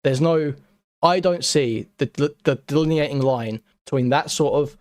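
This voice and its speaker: A man's voice: fairly high pitch, normal speed, no echo. A man talking as a guest on a call, earnest and hesitant with many restarts. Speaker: guest commentator. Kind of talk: casual call conversation.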